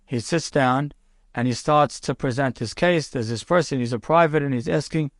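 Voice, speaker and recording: A man, a rabbi, telling a story in a sermon with a conversational, animated manner. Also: medium pitch, moderate pace, no room sound, clean studio sound.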